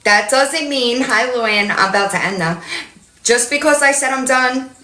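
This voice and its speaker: A woman's voice: high voice, unhurried, pushed and bright, echoey room, rough recording. A woman hosting a casual livestream, rambling and swearing often while greeting viewers mid-sentence. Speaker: livestream host.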